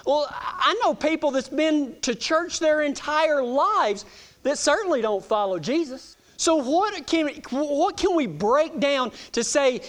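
Folksy preacher, high voice. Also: male voice, animated, unhurried, a bit bright. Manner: folksy storytelling, repeats words. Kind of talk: sermon.

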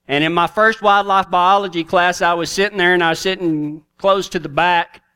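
A man's voice: high-pitched, fairly even intonation, normal speed, sharp tone, clear, resonant tone. A middle-aged man with a Texan accent, telling a folksy story as a cowboy preacher in a sermon. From Texas.

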